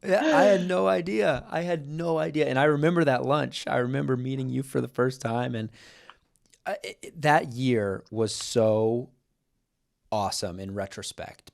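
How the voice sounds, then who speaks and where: A man's voice: medium pitch, moderate pace, creaky. Young man from Kansas, earnest podcast host. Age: young adult. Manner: earnest and reflective, with frequent restarts. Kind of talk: casual podcast chat.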